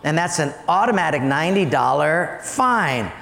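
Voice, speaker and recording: Preacher playing a deadpan officer, deeper voice, roomy hall echo. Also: male voice, normal speed, gravelly, full character voice. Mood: matter-of-fact. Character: calm, matter-of-fact male police officer.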